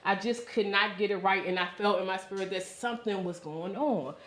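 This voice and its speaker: A woman's voice: medium pitch, fairly quick, roomy sound. A woman co-hosting a talk show, telling a personal story casually and acting out what people said. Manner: expressive, animated retelling with acted-out quotes.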